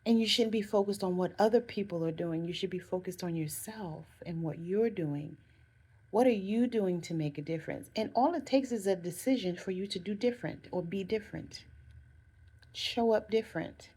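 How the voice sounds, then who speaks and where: A woman's voice: medium pitch, normal speed, warm tone, breathy edge. A woman talking straight to her viewers, giving earnest self-care advice and repeating phrases for emphasis. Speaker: vlogger. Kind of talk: casual motivational talk to camera.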